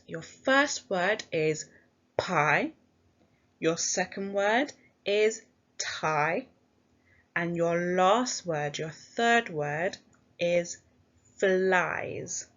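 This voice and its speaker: A woman teacher with an English accent leads a phonics lesson for young children, slowly sounding out letters and praising them in an encouraging, sing-song way. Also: mid-range voice, expressive, dull audio. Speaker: primary school teacher.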